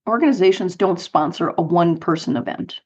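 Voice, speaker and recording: A middle-aged woman from Colorado, a guest telling animated anecdotes in an interview with light laughs. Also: on the low side, a little fast, lo-fi sound. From United States, Colorado. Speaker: guest, author and speaker. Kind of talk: storytelling interview.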